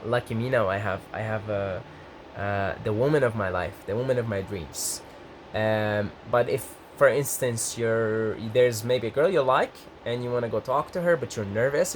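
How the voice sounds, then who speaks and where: A young man talks casually to his viewers, rambling and restarting his sentences. When he gets excited his voice leaps up high, then settles back down. A faint hum of background noise sits behind him. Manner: rambling, self-interrupting, lively pitch jumps when excited. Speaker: vlogger. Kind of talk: casual talk to camera.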